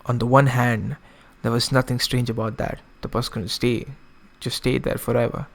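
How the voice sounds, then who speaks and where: Gravelly-voiced man reading a game aloud. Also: mid-range voice, little pitch movement, moderate pace. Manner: casual asides, self-correcting. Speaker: streamer. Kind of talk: reading a visual novel aloud with commentary.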